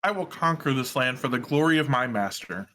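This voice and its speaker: A man voicing a villain who vows to conquer a kingdom for his master, reading the lines slowly and plainly. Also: medium pitch, lively intonation, bright, forceful tone, a little hiss or hum. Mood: declaiming. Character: power-hungry male villain serving a master.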